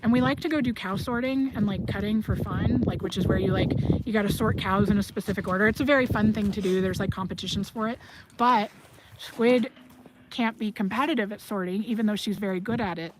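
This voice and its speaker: A woman hosting a casual livestream, chatting, telling animated stories and reading chat questions aloud. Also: mid-range voice, brisk, noisy background. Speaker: host of a livestream. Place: outdoors at a horse barn.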